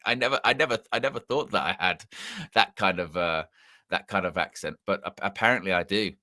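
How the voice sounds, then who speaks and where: A football channel host with a low-pitched, bright, forceful voice and a mixed English accent runs a casual live chat on a fan stream at normal speed. He rambles and repeats himself while correcting his words, recorded in studio quality with no echo.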